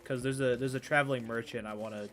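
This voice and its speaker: Over soft background music, a man speaks fast at medium pitch, his tone steady and a bit bright, while streaming a game. He rambles casually, stammers, makes fun of himself, and swears freely throughout his commentary.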